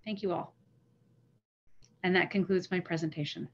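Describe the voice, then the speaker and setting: A woman giving an online history lecture as guest presenter, telling the story with earnest feeling and pausing to recite a speech. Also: lowish voice, steady tone, dull audio. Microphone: computer mic on a video call.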